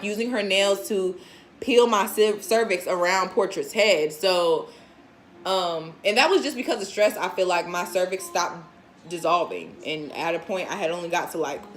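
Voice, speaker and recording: Young woman vlogger in her twenties, frank storyteller who mimics others, faint music underneath. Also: medium pitch. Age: 20s. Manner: animated, acts out what others said; laughs often, candid and frank. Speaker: vlogger and new mother. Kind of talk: casual storytelling to viewers.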